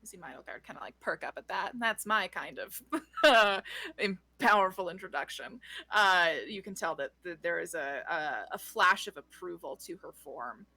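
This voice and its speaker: A woman narrating a tabletop game as game master, in a relaxed, rambling way. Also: fairly low pitch, moderate pace.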